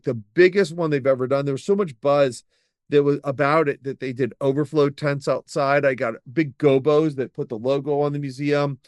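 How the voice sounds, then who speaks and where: A middle-aged man, a podcast guest, telling long personal stories in a lively, rambling way, with many fillers and restarts. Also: mid-range voice, no room sound, studio quality. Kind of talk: storytelling in an interview.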